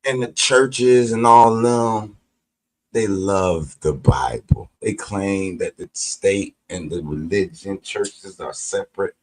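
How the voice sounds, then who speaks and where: A man delivers a heated, profane, preachy monologue, combative in tone and erupting into sudden shouts. His voice sits low, his pace is slow, and the audio is poor.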